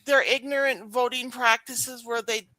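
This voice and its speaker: A woman's voice: fairly high pitch, fairly even intonation, moderate pace, a loud crowd. A woman co-hosting a podcast in casual chat, outspoken and restarting her sentences often. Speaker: podcast co-host.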